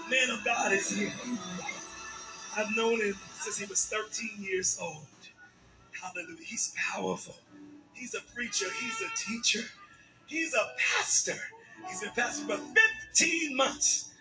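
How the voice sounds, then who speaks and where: A man leading a church service, shouting repeated calls for praise before introducing a guest preacher. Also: sits high, expressive, measured pace. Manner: call-and-response shouting, repetitive exhortation. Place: church sanctuary. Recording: church service filmed from far, music behind. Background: organ music.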